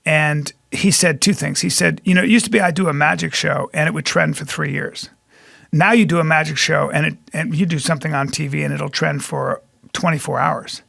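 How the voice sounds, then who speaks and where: A man chatting as a podcast guest, telling animated stories that turn loud at the punchlines. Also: fairly high pitch, fairly quick, vocal fry, dry recording, clean studio sound. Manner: animated storyteller, gets loud in anecdotes. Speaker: guest comedian. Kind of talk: casual podcast chat.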